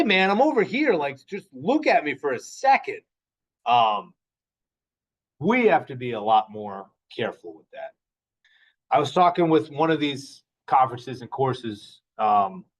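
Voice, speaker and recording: A man's voice: medium pitch, low-quality recording. A man who is a physical therapist, lecturing a class in a conversational way, asking questions and acting out stories. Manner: conversational, asks the class questions, acts out anecdotes.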